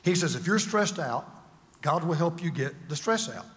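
An older man preaching a sermon as a pastor, dramatic, swinging from loud to hushed. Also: on the high side, expressive, moderate pace, in a large hall.

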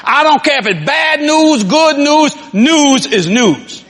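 High-voiced, lively preacher. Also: male voice, takes it slowly. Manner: animated storytelling, acts out quotes, laughs often. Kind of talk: sermon. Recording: long reverb in a large hall.

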